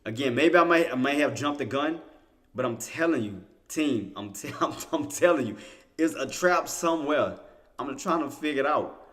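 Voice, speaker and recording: A man's voice: mid-range voice, normal speed. A man hosting a day-trading livestream, talking through the chart live, repeating himself, restarting sentences and getting insistent. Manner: talks to himself, repeats phrases, restarts often; excited, insistent bursts. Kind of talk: live market commentary.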